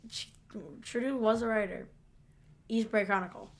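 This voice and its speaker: A woman's voice: a little high, normal speed. A woman co-hosting a podcast in casual chat, with wry, joking asides. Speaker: podcast co-host.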